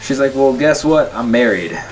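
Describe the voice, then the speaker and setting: A man's voice: mid-range voice, moderate pace, faint music behind. A man recounting an awkward night out in a hesitant, sheepish way, full of fillers. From Midwestern US. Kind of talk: casual chat.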